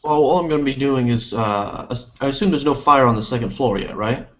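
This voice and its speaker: A man plays a tabletop game, talking through his character's actions in the first person and correcting himself mid-sentence. His voice sits at a middle pitch. The recording sounds dull and lo-fi. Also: fairly quick, a bit bright. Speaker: player.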